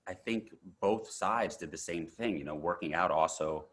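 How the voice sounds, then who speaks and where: A man in his thirties, an actor guest telling animated stories in a casual interview, full of fillers and restarts. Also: deep voice, normal speed, slightly rough. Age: 30s.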